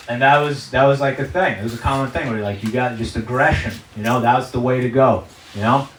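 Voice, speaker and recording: A man's voice: medium pitch, fairly even intonation, fairly quick, very noisy. A man performing a stand-up comedy set, telling stories with lots of swearing and acting out the people in them. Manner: profane storytelling, acts out characters' voices. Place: comedy stage before a live audience. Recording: roomy stage sound, distant mic. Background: audience laughter and claps.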